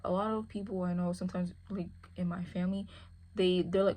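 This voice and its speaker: A woman's voice: lowish voice, level tone, fairly quick, a little mellow. A woman who handles a service dog, talking casually and rambling, often asking "you feel me". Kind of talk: casual chat.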